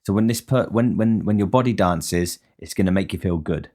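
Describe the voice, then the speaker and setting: Rambling man, low voice. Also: normal speed, darkish tone. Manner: rambling, frank, sweary. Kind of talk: casual solo monologue.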